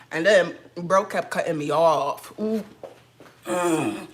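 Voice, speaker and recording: A woman's voice: fairly low pitch, takes it slowly. Sassy, laughing woman telling a story. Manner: animated, sassy retelling with frequent laughs. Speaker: mom vlogger. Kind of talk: casual storytime chat.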